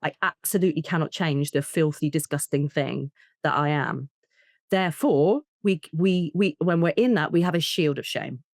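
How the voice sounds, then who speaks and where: A woman, a therapist, talking in an interview, explaining with lively examples and acting out short bits of dialogue. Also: low voice, normal speed, no echo, studio quality. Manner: animated, acts out child and parent voices in examples. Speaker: attachment and trauma therapist, guest. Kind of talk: conversational interview.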